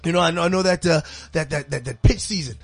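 A man hosting a podcast in a studio, talking in an energetic, slangy, rambling way. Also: on the high side, fast, gravelly, breathy edge, faint music behind. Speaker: podcast host. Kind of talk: casual podcast chat. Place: radio studio.

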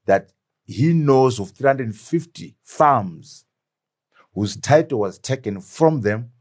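A man's voice: medium pitch, expressive, takes it slowly, darkish tone. A middle-aged man from Zimbabwe, a former deputy prime minister, speaking as an interview guest, emphatic and fond of rhetorical questions. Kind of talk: animated political interview.

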